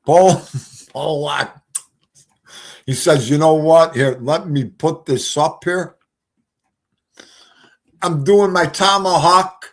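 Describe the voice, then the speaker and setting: A man with a fairly high, slightly bright voice hosts a casual livestream chat from home. He speaks slowly and loosely, drifting from topic to topic and growing emotional as he goes.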